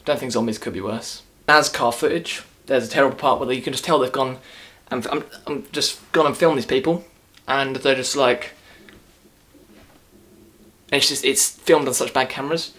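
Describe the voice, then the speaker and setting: A man's voice: medium pitch, fairly bright tone. A man giving a casual, sarcastic movie review rant, rambling and restarting as he goes.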